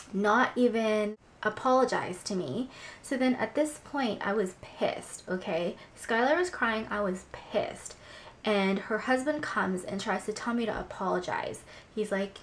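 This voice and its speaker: A young woman tells a story to her vlog audience in an agitated, swearing rant, with "like" dropped into nearly every sentence. Her pitch sits in a middle range, and faint background noise runs under the recording. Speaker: vlogger.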